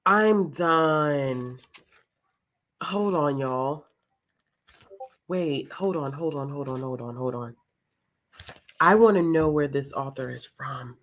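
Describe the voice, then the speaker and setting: A woman's voice: low voice, takes it slowly, long pauses. A woman hosting a book vlog, chatting casually with viewers and laughing often between words as she talks. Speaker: book vlogger hosting a reading sprint.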